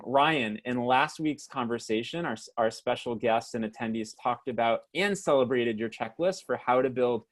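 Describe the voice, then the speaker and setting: A man hosts a webinar over a video call. He reads out guest introductions in a mid-pitched voice, pausing on fillers and tripping over names. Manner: hesitant, many uh and um fillers, stumbles on names. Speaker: host and moderator of a webinar.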